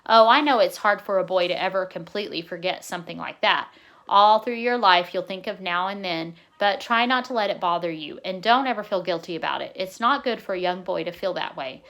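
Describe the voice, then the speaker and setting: A woman reading aloud, giving voice to a kindly old grandfather who coaxes warmly and bursts into excited near-shouts. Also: on the low side, brisk. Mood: solemn, gentle.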